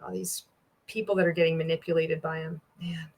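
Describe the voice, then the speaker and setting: A woman's voice: sits low, little pitch movement, a little fast, darkish tone. A woman giving reaction commentary in a blunt, sarcastic way, swearing often. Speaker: reaction video host.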